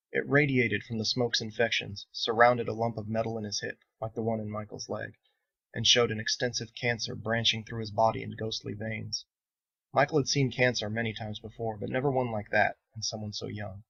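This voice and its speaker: A man reading his own novel aloud in steady, measured audiobook narration. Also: lowish voice, creaky, breathy edge, highs cut off.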